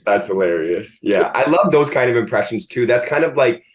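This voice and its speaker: A man's voice: medium pitch, lively intonation, moderate pace. A man, a comedian guest in a casual interview, rambling and filling his talk with "like". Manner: rambling, filled with "like".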